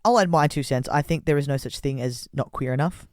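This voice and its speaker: A man's voice: medium pitch, fairly quick, no room sound, clean studio sound. A man in his thirties co-hosting a casual podcast, speaking frankly and agreeably. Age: 30s. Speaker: podcast co-host.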